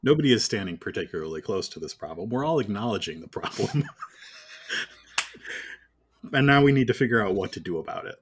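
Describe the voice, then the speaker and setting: A man's voice: fairly low pitch, lively intonation, a little fast, pauses often, background noise. A man playing a tabletop role-playing game, explaining the rules and speaking in character in a dry, matter-of-fact way. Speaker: player.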